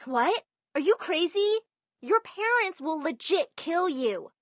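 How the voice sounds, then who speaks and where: Woman playing a high-pitched worried teen bestie in a cartoon story, freaked out. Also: big pitch swings, takes it slowly, fairly bright tone, no room sound, heavily acted. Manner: shocked, worried. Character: anxious teenage girl best friend.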